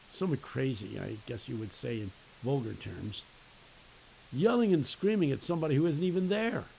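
A man who teaches at a university, preaching a sermon with emphatic, folksy storytelling and dramatic pauses. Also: mid-range voice, creaky, mellow, slight background noise, poor audio.

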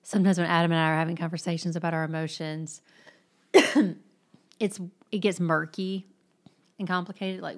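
A woman's voice: fairly low pitch, flat delivery, normal speed, long pauses. A woman co-hosting a casual book discussion, thoughtful, laughing often and trailing off mid-thought.

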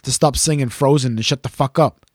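A man's voice: medium pitch, a little fast, no room sound, clean studio sound. A man hosting a casual chat, telling a teasing, swear-filled story about a gig he sang at. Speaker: podcast host and gigging singer.

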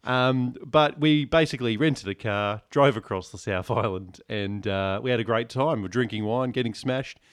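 A man's voice: medium pitch, normal speed, few pauses, clear, resonant tone. A man, co-hosting a casual comedy podcast and telling stories in a dry, joking way. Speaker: podcast co-host.

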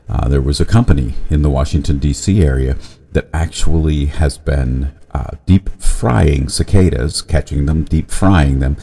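Man rambling on his podcast, super low gravelly voice, dark and a bit husky. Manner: rambling, self-correcting, chuckling asides. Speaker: podcast host. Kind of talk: casual solo podcast monologue.

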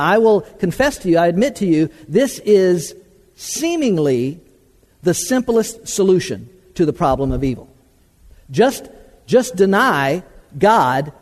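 Man preaching, high voice, halting with many hesitations, emphatic, long hall reverb. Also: a little mellow. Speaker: preacher teaching a class on the problem of evil. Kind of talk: sermon-style teaching talk.

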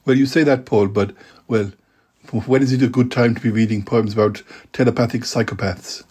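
A man voicing a cheeky male sidekick co-host who chimes in with teasing remarks in a husky voice. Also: medium pitch, steady tone, moderate pace, a little mellow, close to an everyday voice. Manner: teasing, chatty interjections.

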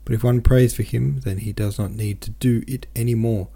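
Male audiobook reader, low gravelly voice, dark tone, gentle and steady. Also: normal speed. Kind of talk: novel read aloud.

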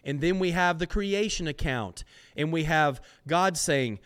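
A man hosting a Bible teaching podcast, who stresses key words slowly and forcefully and repeats phrases for emphasis. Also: high-pitched, clear, resonant tone.

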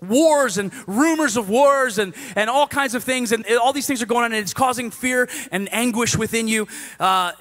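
A man preaching a sermon in a conversational, animated way, swinging from loud exhortation to hushed asides. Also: very high-pitched, moderate pace.

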